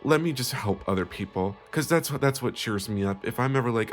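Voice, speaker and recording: Man, parody tarot reader, syrupy, theatrical, cursing, lively pitch. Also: fairly quick, soft background music. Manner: melodramatic, sugary and profane. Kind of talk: comedic parody tarot reading.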